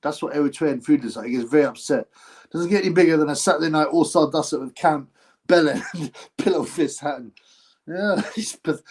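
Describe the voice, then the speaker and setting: A man's voice: on the high side, normal speed, darkish tone. A man hosting a live stream, giving blunt, mocking commentary on a boxing match and reading out chat comments. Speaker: livestream host reacting to a boxing fight.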